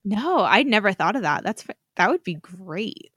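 A woman's voice: mid-range voice, very animated, normal speed, fairly bright tone, slightly rough, no room sound, clean studio sound. A woman co-hosting a podcast, chatting casually and enthusiastically and laughing easily. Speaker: podcast co-host. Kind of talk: casual fan chat.

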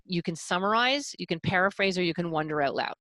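A woman's voice: fairly low pitch, fast, no room sound. A middle-aged woman coaching a parent, explaining techniques and acting out examples. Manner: animated, demonstrative, explains with acted examples. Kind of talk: coaching talk.

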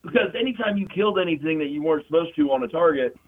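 A man's voice: a little high, animated, over a noisy crowd. A man telling war stories in casual, profane talk, full of fillers and repeated "you know what I mean". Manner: casual, profane, fast storytelling with frequent fillers. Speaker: military veteran guest. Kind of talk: casual storytelling. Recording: tinny phone-like sound.

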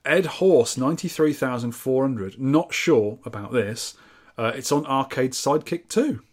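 A man's voice: mid-range voice, measured pace. A man co-hosting a podcast, reading out listener scores and comments in a jokey, bantering way. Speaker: podcast co-host.

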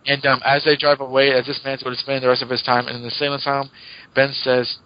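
A man's voice: medium pitch, level tone, quick pace. Chatty man recapping comics, dull sound. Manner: chatty, laughs often, retells plots. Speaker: podcast co-host. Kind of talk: casual comic book podcast chat.

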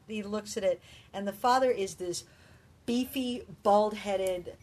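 A woman chatting casually about a film, telling it with animated energy and acting out lines, sounding exhausted. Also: mid-range voice, unhurried. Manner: animated storyteller, acts out dialogue.

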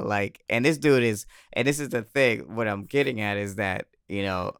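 A man telling a personal story in casual chat, animated, swearing and laughing often, on a close mic. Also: lowish voice, moderate pace, clean tone, no room sound.

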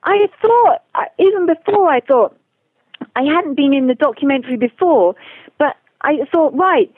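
A woman with an English accent, a guest author telling her riding adventures in a lively, animated way, acting out the people she quotes. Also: high-pitched, normal speed, dry recording. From England. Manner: animated storyteller who acts out quoted voices. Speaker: guest, author and long-distance horse rider. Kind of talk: casual storytelling interview. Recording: tinny phone line.

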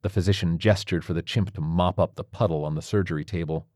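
A man narrates a story with a low, deep voice. His reading is measured and even. The sound is dry and close, with no room echo.

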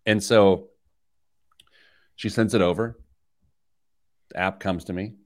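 Middle-aged guy hosting a radio money show, low voice, animated storyteller. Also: takes it slowly. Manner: animated storyteller, rising loud when excited. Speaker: radio show host, financial planner. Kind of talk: casual studio banter.

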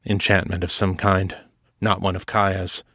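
A man voicing a stern, gruff male team leader who gives terse, commanding orders. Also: low-pitched, flat delivery, measured pace, sharp tone, no echo, clean studio sound, full character voice. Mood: wary.

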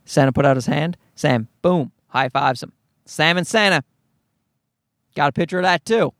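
High-voiced, profane man telling stories. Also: moderate pace, fairly bright tone, no echo, clean studio sound. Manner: profane, sarcastic and rambling. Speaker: podcast host. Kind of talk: comedic storytelling monologue.

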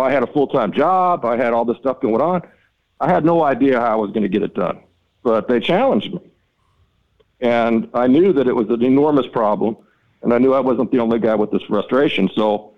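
A man talks through a story with rising exasperation, his voice climbing in pitch as he acts out both sides of a heated phone call. The recording is a bit dull and lo-fi, like a plain podcast mic. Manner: animated, exasperated, reenacts dialogue with rising pitch. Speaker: podcast guest, mapping company founder. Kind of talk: storytelling interview talk.

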